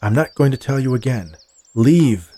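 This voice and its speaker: A man's voice: mid-range voice, lively intonation, moderate pace, mellow, husky, voice pushed up. A man voicing a guarded young woman who speaks curtly and firmly.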